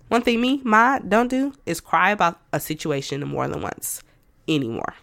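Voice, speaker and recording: A woman's voice: mid-range voice, creaky, sharp tone, no echo, studio quality. A woman hosting her own podcast, talking candidly and conversationally about herself, with self-talk asides and light laughs. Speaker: podcast host. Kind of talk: personal reflective monologue.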